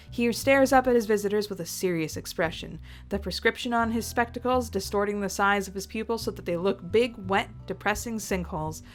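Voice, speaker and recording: A woman reading a story aloud and reacting to it in a chatty, expressive way. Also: on the high side. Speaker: reader reacting to fan fiction.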